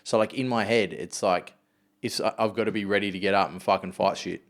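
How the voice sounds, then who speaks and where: A man's voice: on the low side, steady tone, brisk. A man hosting a casual podcast, laid-back, laughing easily and swearing casually. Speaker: podcast host.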